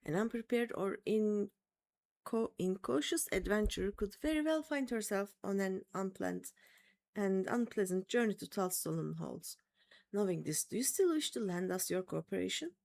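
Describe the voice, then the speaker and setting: A woman's voice: mid-range voice, expressive, moderate pace, vocal fry, a little mellow. A woman voicing a pompous male scholar who leads an archaeological expedition, reading the game lines aloud in a formal, stilted manner.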